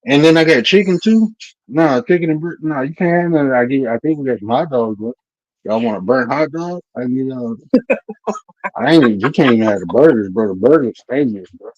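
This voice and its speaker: A man hosting a casual livestream chat, blunt and profane, with a Black style. His voice sits mid-pitch and comes through a dull, slightly lo-fi line in a dry room. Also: animated, brisk, darkish tone, no room sound. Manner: blunt, profane trash talk, repeatedly says bro. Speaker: livestream host.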